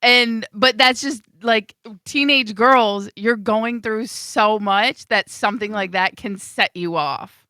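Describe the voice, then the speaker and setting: Bright, blunt woman on morning radio. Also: on the high side, slow pace, no room sound, studio quality. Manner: teasing, blunt, animated. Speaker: radio co-host. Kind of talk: casual morning radio banter. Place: radio studio. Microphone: studio microphone.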